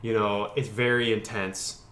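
Man pitching a story in an echoey room. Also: flat delivery, measured pace, fairly bright tone, a little hiss or hum. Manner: rambling, laughs often. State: has hiccups. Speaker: podcast co-host. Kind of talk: casual chat pitching a story.

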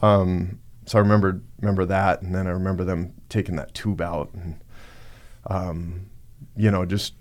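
A man on a podcast, recounting a personal story in a halting, reflective way with many fillers. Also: deep voice, little pitch movement. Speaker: podcast guest. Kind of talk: casual storytelling.

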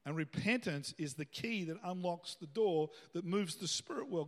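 Male pastor, high voice, casual sermon with emphatic peaks, reverberant church hall. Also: moderate pace, few pauses. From Australia. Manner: conversational preaching, rising to emphatic bursts.

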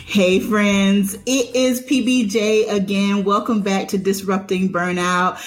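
A woman's voice: medium pitch, flat delivery, slow pace, soft background music. Emotional, preacherly woman podcast host. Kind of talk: enthusiastic podcast introduction.

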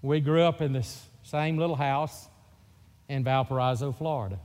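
A man's voice: medium pitch, fairly even intonation, normal speed, a little mellow. A middle-aged man from Mississippi with a Mississippi Southern accent, preaching a sermon in a folksy, joking storytelling way. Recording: long reverb of a church hall.

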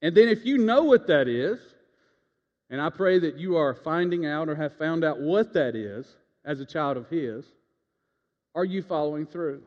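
A man's voice: a little high, expressive, moderate pace, darkish tone. A man preaching a sermon in a church, telling a folksy personal story and leading the congregation in call-and-response. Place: church sanctuary. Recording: reverberant church, dull lo-fi sound.

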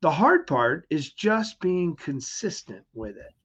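A man's voice: a little high, very animated, slow, fairly bright tone, slightly rough. A middle-aged man with an upbeat, motivational way of talking, speaking as a guest in a conversational interview. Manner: upbeat and motivational, acts out quoted voices.

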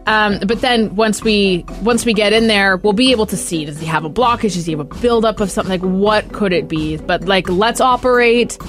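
A woman's voice: medium pitch, fairly quick, hardly any pauses, soft background music. A woman co-hosting a radio show, telling a story in casual banter with fillers. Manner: chatty storyteller with fillers and laughs. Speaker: radio co-host. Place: radio studio.

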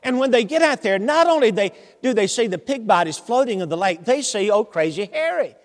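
A man's voice: high voice, expressive, brisk. A man preaching a sermon, telling the story animatedly with humor and asking the congregation questions. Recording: long hall reverb.

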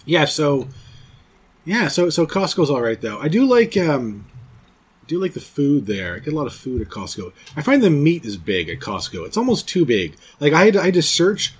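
A man in his forties chats casually as a podcast host, his voice sitting a little high for a man. He rambles, jokes and swears freely as he goes. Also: sing-song, moderate pace, breathy edge. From Canada. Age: 40s. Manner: rambling, profane, jokey. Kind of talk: casual chat.

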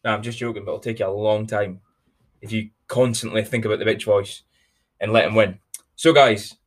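A man's voice: fairly low pitch, steady tone, brisk. A young man hosting a motivational podcast, talking bluntly and energetically with plenty of swearing. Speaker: podcast host.

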